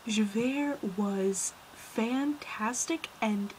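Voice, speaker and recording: A teenage girl giving a casual, gushing film review vlog, rambling, dropping into whispers and then bursting out louder. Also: on the high side, very slow, background noise. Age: teens. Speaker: vlogger.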